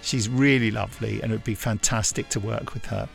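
A man's voice: fairly low pitch, steady tone, a little fast, vocal fry, soft background music. A man co-hosting a podcast, talking in a wry, rambling, playful way. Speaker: podcast co-host, audio drama producer. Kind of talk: casual chat.

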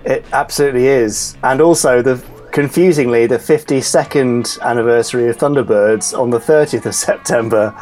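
A man's voice: mid-range voice, moderate pace, hardly any pauses, darkish tone, soft background music. A man being interviewed on a podcast, friendly and precise, often chuckling. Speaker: interview guest. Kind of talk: casual interview.

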